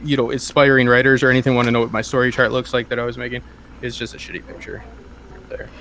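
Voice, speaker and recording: A man in casual conversation reviews a TV episode with lively, animated energy. He tosses in swear words and mocking impressions of other people. Faint background noise sits under his voice. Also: medium pitch, quick pace. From Michigan. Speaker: podcast co-host. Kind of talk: casual chat.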